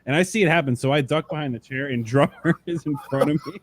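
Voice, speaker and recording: A man's voice: on the high side, fast talker, hardly any pauses, slight background noise. A man guest on a talk show, telling tour stories in casual chat, swearing freely and acting out the people in them. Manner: animated storyteller, swears freely, acts out voices. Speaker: podcast guest, tattoo artist.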